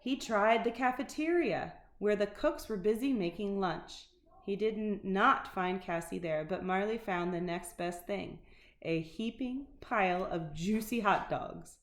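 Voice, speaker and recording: A woman reading a children's picture book aloud with expressive, unhurried storytelling. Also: medium pitch. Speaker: narrator. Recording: roomy echo.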